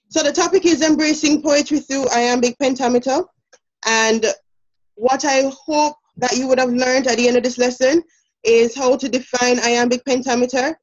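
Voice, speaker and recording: Jamaican woman, teacher, step-by-step explaining, many ums, muffled lo-fi audio. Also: fairly high pitch. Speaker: teacher presenting a lesson. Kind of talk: demo lesson presentation. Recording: dull lo-fi sound.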